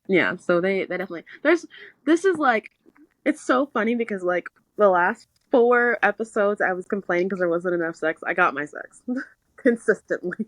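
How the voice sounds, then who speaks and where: A woman's voice: medium pitch, normal speed, dry recording, poor audio. A young woman co-hosting a podcast, recapping a book in casual chat and acting out what the characters say. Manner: animated storytelling, quotes characters in little voices. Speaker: podcast co-host.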